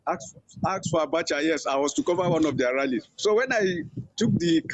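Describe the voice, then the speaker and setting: A man's voice: brisk, dry recording. An older man with a Nigerian accent, an interview guest telling long stories and acting out the voices of people he quotes. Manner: animated storyteller, acting out quoted voices with higher pitch. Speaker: interview guest, veteran journalist. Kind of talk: storytelling interview. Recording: dull, muffled sound.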